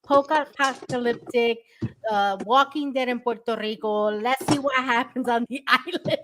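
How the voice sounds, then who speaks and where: High-voiced lady podcast host, super animated, keeps calling out to folks. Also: unhurried, slight background noise. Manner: animated, exclaiming, playful appeals. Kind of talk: casual chat.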